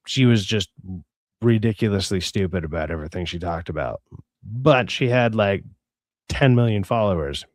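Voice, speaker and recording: Speaking in a lowish, darkish voice, a young adult livestream host reads chat and rants in exasperation, cursing and stumbling into repeated restarts. The audio is a dry recording with clean studio sound.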